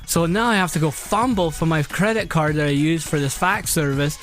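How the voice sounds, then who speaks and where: A man's voice: on the high side, a little fast, fairly bright tone, soft background music. A man hosting a podcast, telling a story in a casual, exasperated way and repeating phrases as he recounts each step. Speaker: podcast host.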